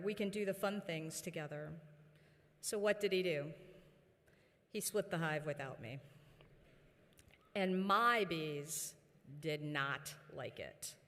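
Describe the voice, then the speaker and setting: A woman giving a commencement address as university chancellor, telling a personal story with fillers and pauses. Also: fairly low pitch. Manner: warm storytelling with frequent fillers. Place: large indoor ceremony hall. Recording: long reverb of a large ceremony hall.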